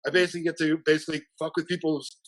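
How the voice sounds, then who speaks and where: A man's voice: a little high, little pitch movement, rapid-fire, fairly bright tone, slight background noise, poor audio. A man being interviewed as a coach, chatting casually and animatedly, acting out bits of dialogue and laughing often. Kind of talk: casual conversational storytelling.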